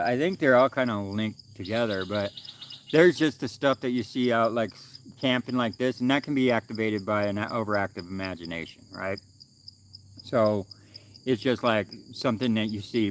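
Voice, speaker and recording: A man with a lowish voice talks in a loose, rambling way, full of fillers and restarts. He is streaming live from an outdoor camp at night, with faint crickets and insects chirping behind him. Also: a little hiss or hum. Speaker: livestream vlogger. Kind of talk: casual livestream chat.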